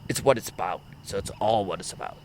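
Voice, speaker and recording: Male podcast host, lower voice, thoughtful and halting, faint noise floor. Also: darkish tone. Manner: reflective, halting, many restarts. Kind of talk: casual podcast chat.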